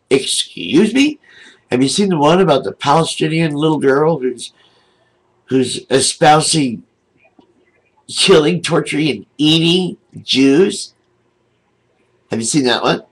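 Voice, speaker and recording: An older man ranting angrily to his camera from home, indignant and aggrieved, with a husky voice. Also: medium pitch, low-quality recording. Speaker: video blogger. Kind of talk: angry webcam rant. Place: home, seated in a wheelchair.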